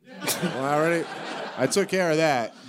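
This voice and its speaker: Man, live podcast host on stage, sarcastic rambling banter, slightly high voice. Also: moderate pace, crowd noise. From Northeastern US. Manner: joking, sarcastic, loose and rambling. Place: live venue with audience.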